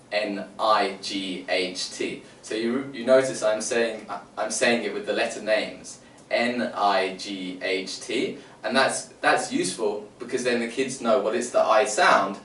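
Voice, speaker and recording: A man with a lowish, fairly bright voice walks other teachers through phonics, sounding out letters step by step. The recording feels roomy, picked up by a distant mic with faint background room noise.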